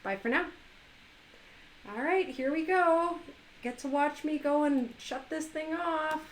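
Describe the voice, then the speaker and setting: A woman's voice: high-pitched, slow pace, a little hiss or hum, low-quality recording. A woman hosting a live stream, chatting casually in a playful, teasing way with her viewers.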